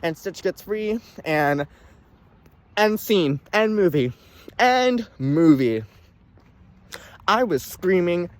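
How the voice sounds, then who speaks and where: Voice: medium pitch, big pitch swings, measured pace, darkish tone. Dramatic, exclamatory young movie reviewer. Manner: dramatic, exclamatory, addresses viewers as "girls". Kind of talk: casual vlog review.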